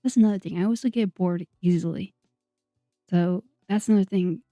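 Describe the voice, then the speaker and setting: Speaking fairly quickly at a fairly low pitch, this young female YouTuber chats loosely over her video, wandering off topic, joking at her own expense, and laughing through frequent fillers. Her dry, dull audio plays beneath gentle music.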